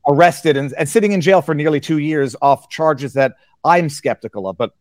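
A man hosting a live interview, speaking haltingly and stammering as he tries to get his words in. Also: fairly high pitch. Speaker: host.

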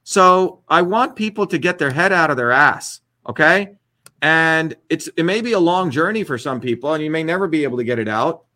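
A man's voice: on the high side, normal speed, bright, forceful tone. A man hosting an online livestream, delivering ranting political commentary in a combative, repetitive, emphatic way.

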